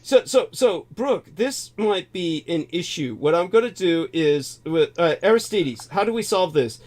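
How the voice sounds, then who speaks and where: A man's voice: sits high, expressive, a little slow, a little mellow. A man hosting a casual call-in chat, exclaiming often and stumbling over fillers. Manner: exclamatory, hesitant, many fillers. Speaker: host. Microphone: call setup.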